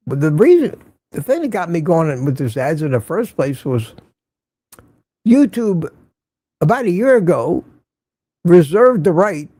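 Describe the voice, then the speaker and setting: An older man chats through a casual morning live stream, greeting viewers one by one and laughing easily. His voice is mellow and slightly high, recorded close and dry. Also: husky, dry recording. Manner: chatty, greets viewers by name, laughs often.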